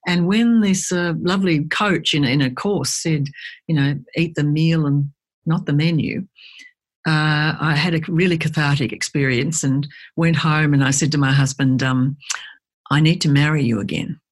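A woman, a guest speaker chatting in an interview and telling lively stories, acting out the voices of people she quotes. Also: low voice, moderate pace, slightly rough. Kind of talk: conversational interview.

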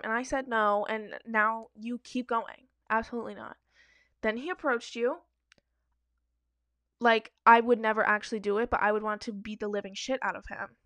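A woman's voice: medium pitch, a bit bright, no room sound. A woman giving casual, blunt reaction commentary on advice-forum stories, emphatic and profane.

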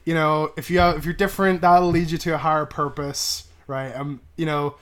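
A man's voice: on the high side, flat delivery, fairly quick, a bit bright. A man co-hosting a podcast, recapping a movie in casual, profane chat and tagging lines with "right?". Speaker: podcast co-host. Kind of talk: casual film-review chat.

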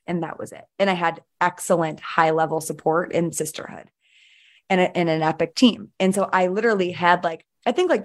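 Emphatic, animated woman storyteller. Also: fairly low pitch. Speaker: guest, business mentor. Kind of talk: energetic storytelling in conversation.

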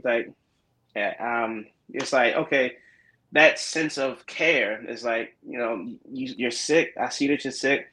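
A man with a bright, forceful tone talks casually with his co-hosts, full of "like" and "you know". He acts out quoted lines from his own stories in an animated way. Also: medium pitch, slow pace, low-quality recording. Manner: animated storytelling, acting out quoted dialogue, many fillers. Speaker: podcast co-host. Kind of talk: casual chat.

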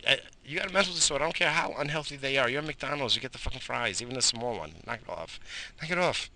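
A man in his thirties who hosts a morning radio show speaks very fast at medium pitch with slight background noise. Recorded outdoors while smoking, he delivers a casual, rambling monologue, an animated rant heavy with swearing, coughs, and sighs.

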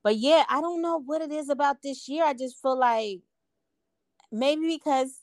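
A woman's voice: high-pitched, moderate pace, no echo. A woman co-hosting a podcast, talking in a reflective, earnest casual way. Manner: reflective, earnest, many "like" fillers. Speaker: podcast co-host. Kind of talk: casual chat.

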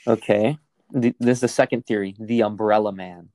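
A man's voice: fairly low pitch, fairly even intonation, moderate pace, dark tone, dry recording. A young man co-hosting a casual podcast, reading facts aloud and rambling into stories, with lots of swearing. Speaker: podcast co-host.

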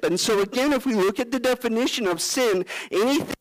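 A pastor preaching a sermon, earnest, often acting out prayers and the words of Bible figures. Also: male voice, high voice, brisk, hardly any pauses, low-quality recording.

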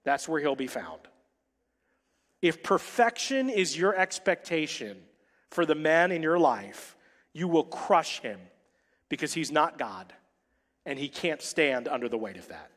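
A married man preaching a sermon as pastor to his church, with humorous asides and dramatic pauses. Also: on the high side, animated, a bit bright. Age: adult, married. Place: large church hall. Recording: long reverb of a church hall.

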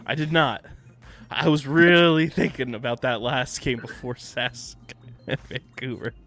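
A man's voice: medium pitch, fairly even intonation, measured pace, fairly bright tone, soft background music. A young man co-hosting a casual lacrosse picks show, laid-back and joking, swearing now and then. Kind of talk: casual sports chat.

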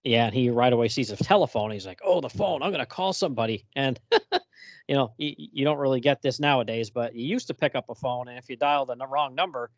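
A man's voice: mid-range voice, a little fast, dry recording, highs cut off. A man co-hosting a podcast, chatting casually about a comic and laughing often. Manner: chatty, laughs often, reads quotes aloud. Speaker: podcast co-host. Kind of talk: casual chat reviewing a comic.

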